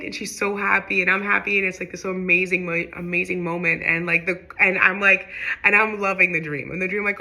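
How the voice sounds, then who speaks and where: A woman's voice: mid-range voice, fairly even intonation, normal speed, bright, forceful tone. A young woman telling a long personal story in casual, rambling talk, full of fillers and restarts. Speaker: spiritual vlogger.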